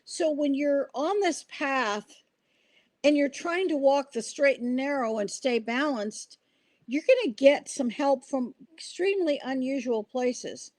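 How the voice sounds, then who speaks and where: This is a casual podcast chat in which an older woman, the host, tells stories in an earnest, wandering way and keeps starting over. Her high voice has a darkish tone and a measured pace, with no echo.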